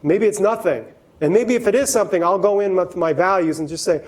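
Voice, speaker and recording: A man with a notably high voice gives a keynote talk to a workplace audience. He addresses the listeners directly and slips into little acted-out voices when he quotes people. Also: a little fast, poor audio. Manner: lively, acts out quoted voices, talks straight to the audience. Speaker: keynote speaker.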